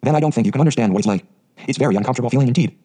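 Dreamy, gushing orphan girl of eleven, read by a man. Quick, husky audiobook delivery. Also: mid-range voice, mellow, natural voice. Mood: despairing. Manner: dreamy, gushing, dramatic phrasing.

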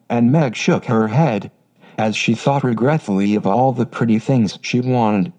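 A man's voice: medium pitch, a little slow, a little mellow. A synthetic male voice narrating an audiobook, sometimes spelling words out letter by letter. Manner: spells out words letter by letter, reads symbols aloud.

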